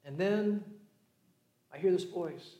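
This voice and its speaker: Speaking slowly in a high voice with a roomy sound, a Southern California pastor delivers a sermon built on stories. He acts out each character's voice and shifts between lively and hushed moments.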